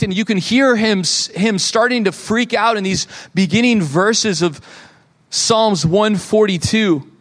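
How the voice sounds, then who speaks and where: A male pastor in his thirties preaching a sermon in a church, conversational and animated, acting out quoted voices. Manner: animated, conversational, acts out quotes with rising pitch.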